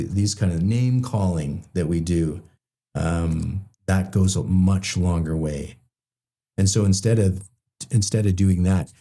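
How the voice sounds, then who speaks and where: A male psychologist with a low, mellow voice talks through relationship patterns in a relaxed, conversational way. He leans on "you know" fillers and slips into short acted-out examples to make his points. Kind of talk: explanatory talk on relationships.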